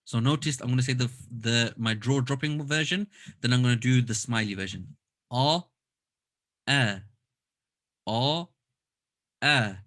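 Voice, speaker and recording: A man's voice: medium pitch, fairly quick. A man teaching a Quran recitation class online, explaining step by step and demonstrating sounds aloud over a computer mic.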